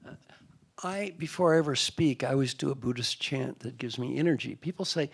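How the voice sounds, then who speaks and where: Gravelly older man, playful panel talk. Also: fairly quick. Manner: playful storyteller, mocks whining in a high squeaky voice. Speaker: executive coach.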